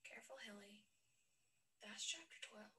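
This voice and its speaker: Self-tape clip: actress as a hushed woman warning a friend, distant laptop sound with noise behind. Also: medium pitch, animated, normal speed, close to an everyday voice.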